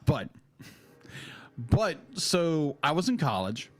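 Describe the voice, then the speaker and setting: A man's voice: a little high, big pitch swings, slow. Rambling, laughing male podcast co-host. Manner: rambling, laughs often, repeats himself. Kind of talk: casual chat.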